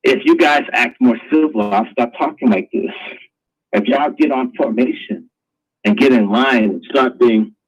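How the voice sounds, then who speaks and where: A man of middle pitch hosts a live talk show, ranting and preaching in crude terms. His voice has a husky edge, and the sound is dull and lo-fi. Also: normal speed. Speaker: host.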